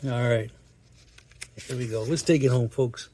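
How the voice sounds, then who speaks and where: Slow-talking man reading comics. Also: medium pitch, steady tone, mellow. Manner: chuckling, folksy, reads lines in put-on voices. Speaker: comic reader host. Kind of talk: reading comics aloud, casual.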